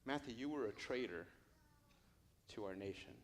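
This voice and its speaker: A man's voice: a little high, lively intonation, moderate pace, close to an everyday voice. Man voicing Jesus, earnest and searching. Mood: tender. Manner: searching repeated questions, swelling to urgent. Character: Jesus, earnest teacher pleading with his disciple.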